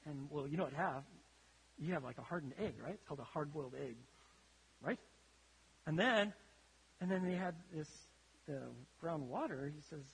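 A man preaching a sermon to his congregation, emphatic, his voice swelling and then dropping low for effect. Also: very animated, moderate pace, pauses often, slight background noise. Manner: emphatic, rises and drops sharply for effect. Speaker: pastor. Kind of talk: sermon with a story. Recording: long hall reverb.

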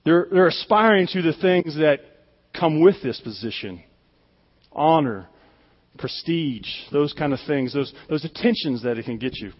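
A man's voice: on the high side, expressive, measured pace, long reverb tail, lo-fi sound. A pastor delivering a conversational, emphatic sermon, often repeating his words as he speaks.

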